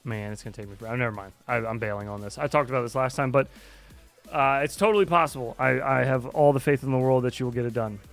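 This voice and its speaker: With faint music behind him, a man hosts a livestream and rambles casually while flying a drone simulator, swearing often. He talks fast in a gravelly, mid-range voice.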